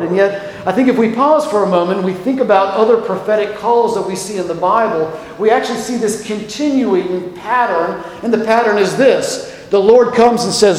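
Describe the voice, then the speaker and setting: A man preaching a sermon, lively and acting out the voices in the passage he reads. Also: high voice, moderate pace, hardly any pauses. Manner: animated, acts out the voices of the passage. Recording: echoey hall with long reverb.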